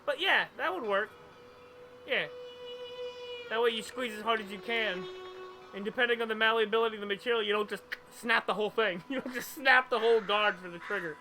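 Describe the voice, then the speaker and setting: High-voiced animated male streamer. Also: brisk, over music. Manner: animated and rambling, laughs often, trips over words. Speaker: game streamer. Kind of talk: casual chat.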